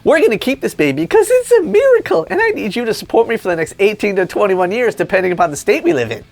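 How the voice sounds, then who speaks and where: Male comic mimicking a scheming girlfriend: mocking falsetto, lively rapid delivery, light music bed. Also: vocal fry, full character voice.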